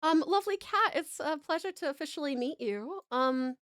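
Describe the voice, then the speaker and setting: A woman's voice: high-pitched, lively intonation, normal speed, a bit bright, no echo, studio quality. An Australian woman from Tasmania chatting with viewers on a live stream, gushing with thanks and swearing casually.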